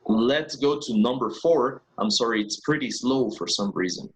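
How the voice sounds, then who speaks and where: A man's voice: mid-range voice, normal speed. Patient man teaching an online class. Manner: patient, explains step by step, checks with "¿ok?". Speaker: English teacher. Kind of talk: online class, mixing Spanish and English.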